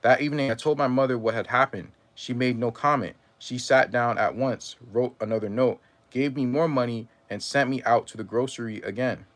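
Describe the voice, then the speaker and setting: A man reading a first-person memoir aloud in a measured way, now and then stumbling and correcting himself. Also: medium pitch. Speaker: reader.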